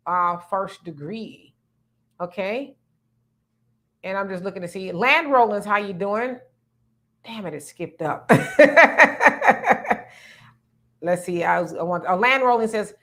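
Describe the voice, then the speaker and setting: A woman's voice: medium pitch, fairly bright tone. A woman hosting a livestream, greeting viewers by name and reading their comments aloud before answering them. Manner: reads viewer comments aloud and responds conversationally. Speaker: livestream host reading chat. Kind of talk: casual livestream chat.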